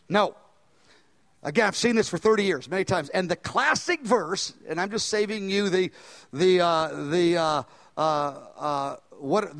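An older male pastor preaching with a high, lifted voice. He talks animatedly, pushing some phrases out loudly and dropping into low, quick asides. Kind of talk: sermon.

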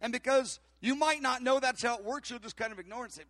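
Bright, high-voiced man preaching. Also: fairly quick, few pauses, no room sound. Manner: storytelling, acts out dialogue, animated. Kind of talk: sermon with anecdote.

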